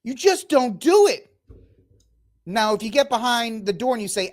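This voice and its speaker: Sitting high in pitch and unhurried, a Texas man in his thirties hosts an opinionated reaction commentary. He comes across as animated, throwing in mocking asides and mocking impressions.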